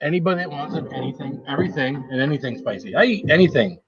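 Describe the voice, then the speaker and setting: A man's voice: a little high, lively intonation, quick pace, muffled recording, a crowd in the background. A man chatting casually on a live stream while eating, rambling and greeting viewers by name. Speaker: food challenge livestreamer.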